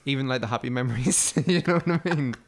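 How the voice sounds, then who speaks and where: A young man talks in a casual podcast chat. He swears freely and acts out quotes as he retells stories, at a mid pitch. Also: quick pace. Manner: swearing, animated storytelling with acted-out quotes. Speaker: podcast co-host.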